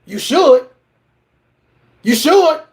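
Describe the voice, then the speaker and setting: Blunt, confrontational high-pitched man. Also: big pitch swings, drawn-out words. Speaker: reaction vlogger and motivational coach. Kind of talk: profane reaction rant.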